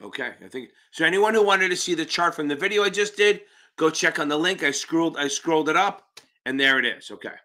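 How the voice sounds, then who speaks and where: A man's voice: on the high side, lively intonation, brisk, bright, forceful tone. A man hosting a live-stream Q&A as an exam prep tutor, talking in a brash, profane and blunt way, with emphatic interjections.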